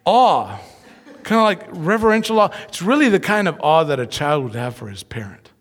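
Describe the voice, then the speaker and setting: Male pastor, slightly high voice, animated storyteller, big church reverb. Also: moderate pace. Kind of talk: sermon with personal stories.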